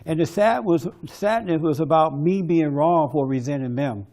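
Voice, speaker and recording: A man giving a forceful, preachy testimony talk at a men's conference. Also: on the high side, moderate pace. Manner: preachy, forceful, mimics others in quoted bits.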